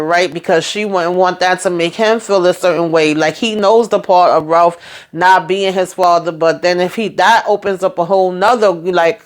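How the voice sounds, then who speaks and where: Woman, slightly low voice, casual TV recap vlog, chatty, lots of fillers. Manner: chatty, animated retelling with filler words. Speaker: TV show recap vlogger. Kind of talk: casual episode review and recap.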